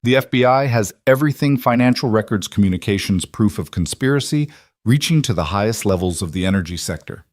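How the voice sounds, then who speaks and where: A man with a fairly low, slightly mellow voice reads a little fast with lively intonation, close to an everyday voice. The recording is dry with clean studio sound. He voices a cold, calculating middle-aged uncle in a cool, matter-of-fact way.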